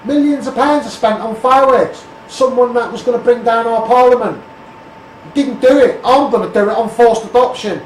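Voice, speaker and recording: A man's voice: very high-pitched, normal speed, reverberant, recorded from a distance, a little hiss or hum, poor audio. A man with a Scouse accent from the Liverpool area, ranting bluntly on a phone live stream and calling everyone mate. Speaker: Facebook Live campaigner.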